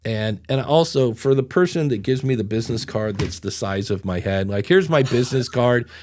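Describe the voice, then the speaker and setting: A man's voice: lowish voice, moderate pace, a little mellow, a little hiss or hum. A middle-aged man hosting a podcast, telling stories in a rambling, self-deprecating way. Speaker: podcast host. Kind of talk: casual podcast chat.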